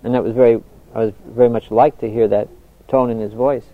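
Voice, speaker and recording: An older man with a calm, soft voice talks reflectively as a spiritual teacher, often breaking off and starting his sentences again. His pitch sits in a middle range, and the recording sounds muffled and lo-fi. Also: brisk. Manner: soft-spoken, frequent restarts. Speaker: spiritual teacher answering questions. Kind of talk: reflective talk with anecdotes. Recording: dull lo-fi recording.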